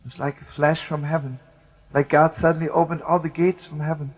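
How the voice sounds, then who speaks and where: A man's voice: fairly high pitch, level tone, a little fast. An older man, a rabbi, tells an emotional story in a spoken storytelling style and mixes in Hebrew and Yiddish words. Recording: muffled lo-fi recording with music.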